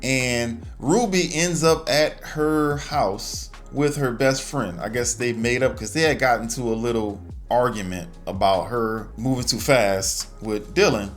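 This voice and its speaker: A man with a mid-pitched voice recaps a movie plot in a relaxed, slangy way. He tells the story casually and keeps adding his own asides. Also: measured pace, few pauses, faint music behind. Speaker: movie reviewer.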